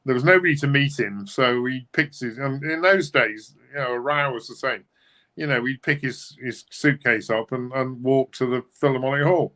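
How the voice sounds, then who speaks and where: A man's voice: mid-range voice, normal speed, sharp tone. A man on a music livestream telling an anecdote casually, chatty and full of fillers. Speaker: livestream co-host.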